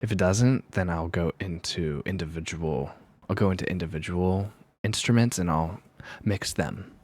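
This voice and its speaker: A man streaming music production and talking quietly in a soft-spoken ASMR manner. He hesitates and thinks aloud as he works. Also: low-pitched, moderate pace, no echo.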